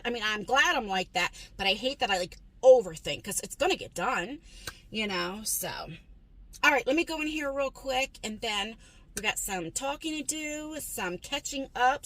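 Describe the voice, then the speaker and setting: A woman's voice: a little high, fairly bright tone, rough recording. A woman rambling casually as she runs errands, chatting and correcting herself as she goes. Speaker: vlogger. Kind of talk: casual chat. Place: in a car and out running errands.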